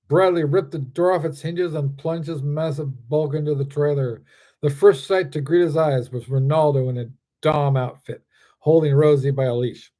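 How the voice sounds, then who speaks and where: Man reading a story in a dark tone. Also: fairly high pitch, moderate pace. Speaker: author reading his story.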